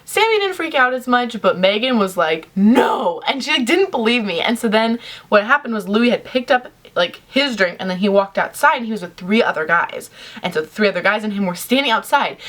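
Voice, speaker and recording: A young woman telling a story to camera in a chatty, animated way, full of "like" fillers. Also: on the high side, brisk. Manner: chatty, animated, heavy use of "like". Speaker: vlogger.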